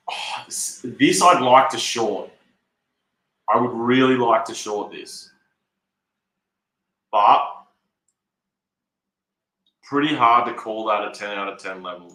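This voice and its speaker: A man's voice: on the low side, bright, forceful tone, echoey room, rough recording. A man rambling through casual, unscripted market commentary as a trader, swearing a lot and sounding frustrated. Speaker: trader talking through his charts.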